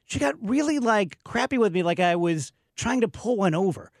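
A man co-hosts a casual talk show and tells stories in an animated, self-mocking way. His voice sits high for a man. The sound is dry and close. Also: normal speed, dry recording. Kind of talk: casual chat.

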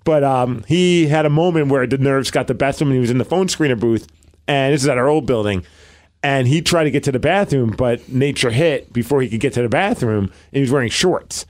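A man's voice: medium pitch, a little fast. A man hosting a radio show, casually telling a funny anecdote from the station. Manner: chatty anecdote teller, laughs often. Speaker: radio host.

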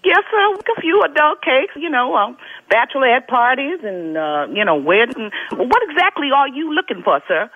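Husky-voiced woman on a tinny phone line. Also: high voice, sing-song, moderate pace, no room sound. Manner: polite, insistent, firm. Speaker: bakery owner answering the phone. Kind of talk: phone conversation.

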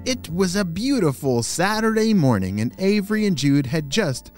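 A man's voice: fairly high pitch, big pitch swings, normal speed, hardly any pauses, darkish tone, faint music behind. A man hosting and narrating children's stories in an enthusiastic, playful way. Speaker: children's storyteller and host. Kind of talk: animated story narration for kids.

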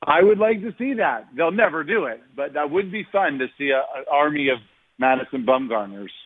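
A man's voice: fairly high pitch, animated, brisk. Man on a tinny phone line. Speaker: baseball writer guest. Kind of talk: radio interview.

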